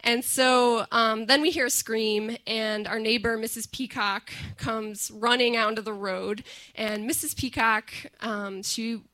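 A woman in her thirties telling a personal story to an audience, animated and acting out the voices she quotes. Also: on the high side, a little slow.

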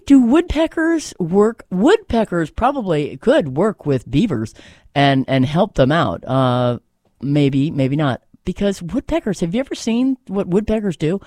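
Woman radio host, meandering musing talk with lots of fillers, animated pitch, dry close studio mic. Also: dry recording. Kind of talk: rambling solo radio monologue.

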